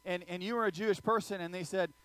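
A man preaching a sermon, telling funny stories and joking with the audience in an animated way. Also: high voice, quick pace. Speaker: pastor. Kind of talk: sermon with humorous storytelling.

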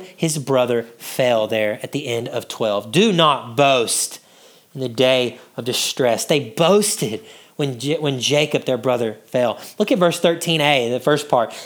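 A male preacher giving an expository sermon, teaching verse by verse, asking the congregation questions and dropping to a hush to draw them in. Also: mid-range voice. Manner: drops to a hushed voice to draw listeners in.

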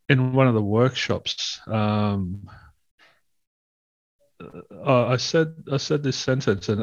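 A reflective man talks through his experiences as a workshop facilitator, slipping into the voices of the people in his stories. His voice sits low. The sound is dry and a little muffled. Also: no echo. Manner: reflective, acts out quoted speech in stories. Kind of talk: conversational storytelling. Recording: dull lo-fi sound.

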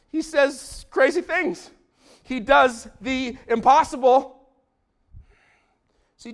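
Animated preacher with lively pitch. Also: male voice. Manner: animated, swings from hushed to shouting. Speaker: pastor. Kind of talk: sermon. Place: church sanctuary.

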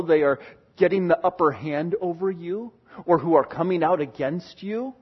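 A man's voice: moderate pace, husky, muffled recording. A man preaching a sermon, giving earnest expository Bible teaching and voicing God's words with strong emphasis. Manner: earnest, emphatic, paraphrasing God in a booming voice.

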